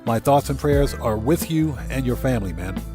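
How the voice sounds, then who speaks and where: A man's voice: medium pitch, lively intonation, moderate pace, over music. A man from the United States hosting a game livestream with no face cam, greeting chat viewers one by one, heartfelt and casual, talking into a desk mic. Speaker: livestream host.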